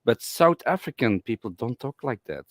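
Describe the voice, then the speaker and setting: A man's voice: medium pitch, sing-song, dry recording. A man hosting a casual live-stream chat, talking bluntly with many fillers and restarts. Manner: halting, with frequent fillers and restarts; blunt and outspoken. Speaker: livestream host.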